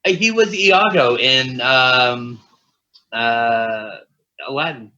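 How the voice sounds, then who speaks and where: Speaking slowly at medium pitch, a man co-hosting a podcast tells profane stories full of laughter in casual conversation. His voice comes across pushed and bright over a dull lo-fi recording.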